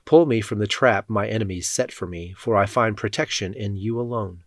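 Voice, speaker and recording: A man reading Bible passages aloud in a measured, solemn way. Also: on the low side, dry recording, clean studio sound. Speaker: scripture reader.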